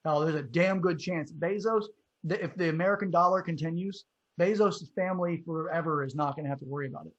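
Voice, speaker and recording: A man's voice: on the high side, fast, dull audio, a little hiss or hum. A man hosting a podcast, chatting bluntly and profanely about politics. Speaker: podcast host. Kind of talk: casual political chat.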